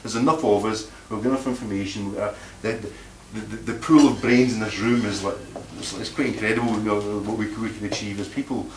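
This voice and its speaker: Blunt and combative, a Scottish meeting speaker addresses a live audience informally, repeating words while he searches for them. His fairly low voice has fairly even intonation and runs a little fast with few pauses, recorded far off in an echoey room with a little hiss or hum.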